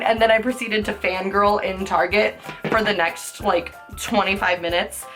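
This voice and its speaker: With a slightly high, sharp-toned voice at a moderate pace, a young adult woman shares embarrassing stories over soft background music. She's a beauty vlogger, casual and chatty, swearing, laughing frequently, and leaning on "like" as filler.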